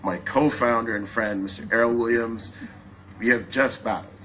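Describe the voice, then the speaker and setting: A man's voice: mid-range voice, moderate pace, pushed and bright, a little hiss or hum, rough recording. A man in his forties from Canada, gives a joking and openly emotional speech as a company CEO to an audience at a launch event. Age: 40s. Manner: self-deprecating, jokey, openly emotional. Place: event hall before an audience.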